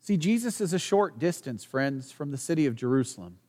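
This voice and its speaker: A man's voice: fairly high pitch, expressive, a little fast, a little mellow, big-room sound. A man preaching a sermon as pastor, earnest, asking the congregation rhetorical questions and sometimes restarting a phrase.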